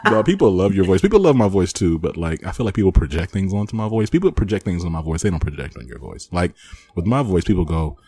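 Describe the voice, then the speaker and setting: A man's voice: low-pitched, very animated, fast, darkish tone, husky. A man hosting a podcast, chatting casually and teasing his co-host with frequent laughs. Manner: playful, teasing, laughs often.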